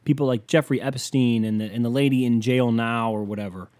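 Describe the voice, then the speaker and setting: A man's voice: medium pitch, fairly even intonation, fairly quick, darkish tone. A man hosting a podcast, ranting casually in a heated, sarcastic, profane way and rambling through stories with lots of filler words. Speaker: podcast host.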